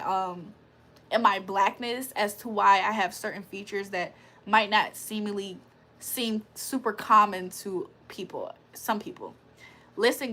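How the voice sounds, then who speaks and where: A woman's voice: mid-range voice, a bit bright. A woman hosting a casual livestream, joking, laughing and swearing as she reads the chat aloud. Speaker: livestream host.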